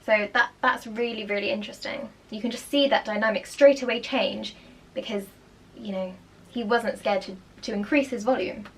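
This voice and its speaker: A woman's voice: medium pitch, moderate pace. A young woman, a primary school teacher chatting casually as she reacts to a school documentary and explains teaching techniques. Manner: chatty, explanatory, animated asides.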